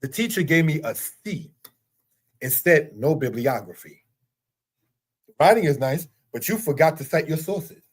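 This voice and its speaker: A man's voice: a little high, animated, measured pace, long pauses, slightly rough. A middle-aged man teaching a religious lesson in an earnest, repetitive way, full of rhetorical questions. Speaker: Torah teacher. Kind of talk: spoken teaching monologue.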